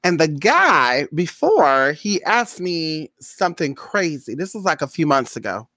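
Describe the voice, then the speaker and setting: A woman's voice: sits low, very animated, measured pace, a bit bright, no room sound. A woman telling a neighborhood story in a casual, gossipy vlog. She talks animatedly, acts out other people's voices, and keeps calling the viewer "girl" and "honey". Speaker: spiritual reader and vlogger.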